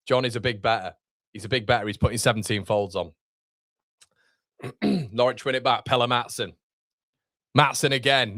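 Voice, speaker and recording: Yorkshire lad doing live footy watchalong, reads chat out, mid pitch, dry close sound. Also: male voice, a bit bright, dry recording. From Northern England. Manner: chatty, reads viewer comments aloud, banter. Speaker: football watchalong streamer. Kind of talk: live match commentary and chat reading.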